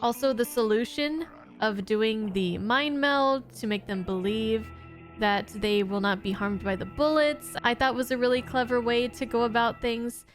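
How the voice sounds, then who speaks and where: A woman's voice: a little high, fairly even intonation, unhurried, soft background music. A woman hosting her own channel, giving an earnest, heartfelt casual review of her favorite TV episodes. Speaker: YouTube reaction host.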